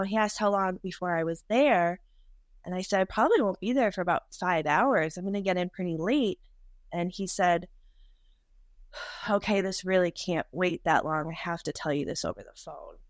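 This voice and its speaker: A woman in her thirties, a podcast guest, telling a deeply emotional personal story in a halting way, with many restarts. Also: dry recording.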